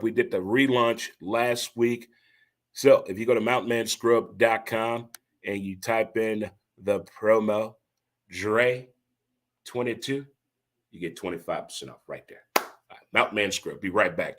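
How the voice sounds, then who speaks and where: A man hosts his own podcast in a casual talk-show monologue, riffing folksily, repeating catchphrases, and speaking directly to listeners. His voice is lowish, a little slow, and slightly bright.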